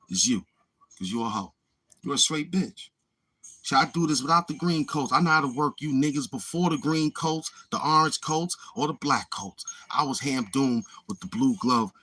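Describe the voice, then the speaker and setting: A man's voice: medium pitch, bright, forceful tone, breathy edge. A man, hosting a livestream and taunting a heckler in a boastful rant. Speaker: livestream host. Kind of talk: trash-talking livestream rant.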